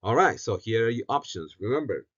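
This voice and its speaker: A man teaching a Bible lesson on Greek syntax, talking haltingly, often restarting phrases and repeating words for stress. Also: on the low side, sing-song, a bit bright, highs cut off. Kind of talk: recorded Greek syntax lecture.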